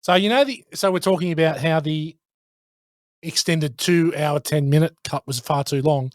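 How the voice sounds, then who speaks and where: A man hosting a casual film podcast, animated and quick to laugh. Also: a little high, no room sound, studio quality. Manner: animated, laughs often, acts out movie quotes. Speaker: podcast host.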